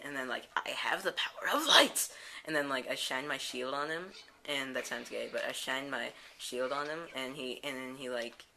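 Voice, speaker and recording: A woman hosting a let's play, telling a rambling story packed with "and then, like.". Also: extremely low pitch. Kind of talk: rambling storytelling over gameplay. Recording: loud game music behind.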